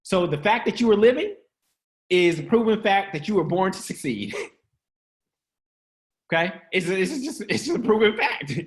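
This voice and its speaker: A man's voice: high-pitched, sing-song, moderate pace, long pauses. A man hosting an upbeat motivational teaching session in a casual, slangy way, joking, laughing often and quizzing his listeners. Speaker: host of an online church-style teaching.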